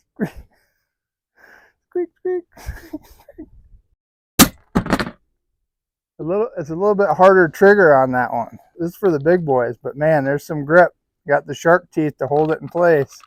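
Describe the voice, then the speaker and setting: A man casually demonstrating gear in a barn for a vlog, playful and quick to chuckle, sometimes squeaking like a rat. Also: noisy background. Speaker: YouTuber testing rat traps. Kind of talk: casual hands-on demo vlog.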